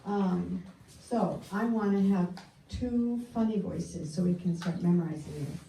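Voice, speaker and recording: A woman's voice: fairly low pitch, unhurried, gravelly, dark tone, slight background noise. A woman teaching children a memory verse in a playful, encouraging way. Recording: echoey room, distant mic, music behind.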